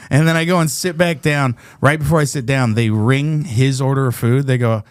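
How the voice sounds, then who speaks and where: A man's voice: mid-range voice, a little fast, hardly any pauses, smooth, no echo, studio quality. A man hosting a podcast, telling a story in casual chat, acting out quotes and laughing often. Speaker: podcast host.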